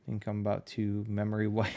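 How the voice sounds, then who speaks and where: Gravelly New man chatting on stream. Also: lowish voice, no room sound. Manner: chatty, joking and teasing, laughs often. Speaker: livestreaming artist and tattoo artist. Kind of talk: casual livestream chat with viewers.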